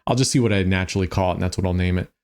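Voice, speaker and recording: A man's voice: low-pitched, racing, darkish tone, clear, resonant tone. A tired man, a roulette streamer, casually talking through his betting strategies and thinking aloud with many small restarts. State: tired, yawning.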